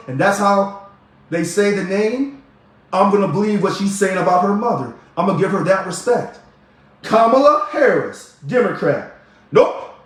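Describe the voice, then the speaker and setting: Man, argumentative commentary vlogger, high voice, heavy room echo. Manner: emphatic, preachy, argumentative. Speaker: video blogger. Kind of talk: direct-to-camera political commentary. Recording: very echoey room.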